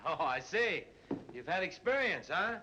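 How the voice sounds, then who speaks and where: An actor playing a relaxed, good-natured cab driver who chuckles easily, in 1930s film comedy style. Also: male voice, sits high, a little slow, slight background noise, heavily acted. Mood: easygoing. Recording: muffled 1930s film soundtrack with score.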